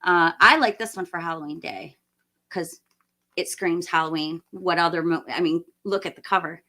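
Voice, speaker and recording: A middle-aged woman hosting a live stream, chatting enthusiastically and rambling with fillers, her voice slightly hoarse as she loses it. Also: lowish voice, normal speed, bright, forceful tone. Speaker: livestream host. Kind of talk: casual live-stream chat.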